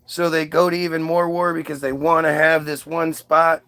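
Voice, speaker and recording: A man's voice: a little high, level tone, moderate pace, sharp tone, clean tone. A man delivering a rambling, profane comic monologue. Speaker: comedian.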